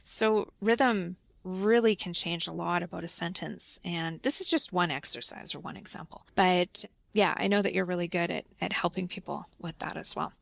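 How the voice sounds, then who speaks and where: A woman hosts a relaxed podcast conversation, asking guiding questions and explaining points patiently. Her voice carries a touch of vocal fry. The sound is close and dry, with no room around it. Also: on the low side, moderate pace, hardly any pauses, no room sound. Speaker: podcast host and English teacher.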